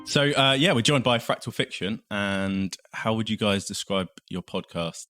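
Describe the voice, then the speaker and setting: A man hosting a comedy podcast chat, joking and laughing often. His voice is fairly low, with a little music faintly underneath. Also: normal speed, fairly bright tone. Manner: jokey, laughs easily. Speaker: podcast host.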